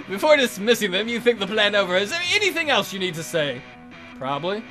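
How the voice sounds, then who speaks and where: High bright guy goofing through a text game, faint guitar behind. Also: very animated, quick pace. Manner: playful, bursts into silly put-on voices and shouts. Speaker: let's play host. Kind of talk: reading a text adventure aloud with jokey commentary.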